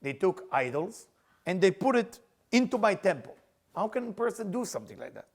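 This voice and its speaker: A man's voice: sits high, sing-song, brisk. A man voicing God, who answers firmly and explains his judgment. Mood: stern. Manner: firm, explaining, questioning. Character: God, stern and reasoning, male.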